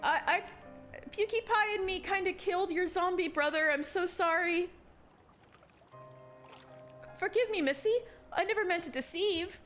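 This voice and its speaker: A woman's voice: very high voice, a little slow, pauses often, fairly bright tone, soft background music, voice pushed up. A woman voicing a small, remorseful old male shipbuilder who talks in salty sailor slang.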